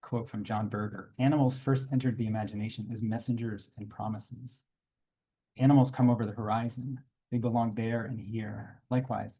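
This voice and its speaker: A man reading aloud from his own graphic memoir at a conference panel, quiet and reflective, with small asides to the audience. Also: lowish voice, husky. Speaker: comics artist reading his work at a panel.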